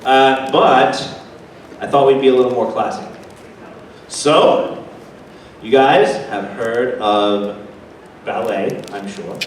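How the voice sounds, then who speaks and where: A man's voice: medium pitch, slow pace, pauses often, slight background noise. A man hosting a live improv comedy game, playful and directing the players while laughing often. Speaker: improv host. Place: convention hall. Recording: echoey hall, distant mic, audience.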